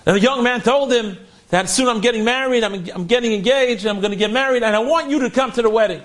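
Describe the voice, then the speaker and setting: A man's voice: very high voice, fast, a bit bright. A man earnestly retelling an inspiring story he heard from a friend, sprinkling in Yiddish and Hebrew words.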